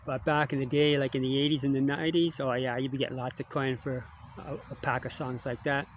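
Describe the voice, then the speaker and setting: A man's voice: mid-range voice, little pitch movement, fairly quick, slight background noise. An older man talking in a rambling, casual monologue, digressing often and ending lines with tag questions. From Canada. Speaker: musician vlogger.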